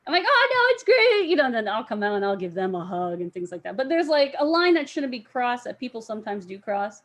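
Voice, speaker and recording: A woman's voice: mid-range voice, quick pace. A young woman, a cosplayer guest on a podcast, telling a story in casual chat and acting out the voices of the people in it. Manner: animated, acts out voices in stories.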